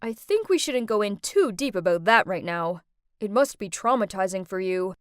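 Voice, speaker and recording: A woman voicing a creepy young male boyfriend who sounds falsely gentle, speaking softly and coaxingly in an animated story. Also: medium pitch, moderate pace, clear, resonant tone, no echo, studio quality, pitched below the performer's own voice, natural voice. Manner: soft, coaxing, sugary.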